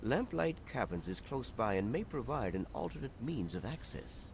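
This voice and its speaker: An actor voicing a composed male video game character who speaks in a formal, measured way. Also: mid-range voice, sing-song, slight background noise. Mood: calm. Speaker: non-player character.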